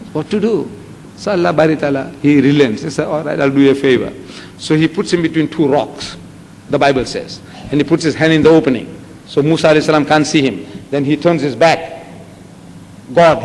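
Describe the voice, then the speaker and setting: An older man with a South African Indian accent giving a religious lecture, telling stories with animated acted-out voices. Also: fairly high pitch. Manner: animated storytelling, acting out voices with rising shouts. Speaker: Islamic lecturer. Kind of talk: public lecture to an audience. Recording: echoey hall with faint background noise.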